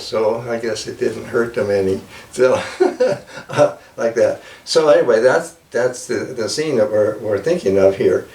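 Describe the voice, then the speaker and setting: A man telling a folk tale in a casual, halting way, with many fillers, recorded with a roomy sound from a distance. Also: medium pitch, darkish tone. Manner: halting, lots of "you know" and "like that". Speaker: storyteller. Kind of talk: casual oral storytelling.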